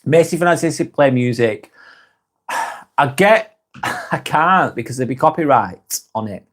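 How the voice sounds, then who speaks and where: A man's voice: medium pitch, expressive, a little slow, a bit bright. A man with a British accent hosting a casual live stream, reading out viewer comments and answering them bluntly, swearing freely and often laughing.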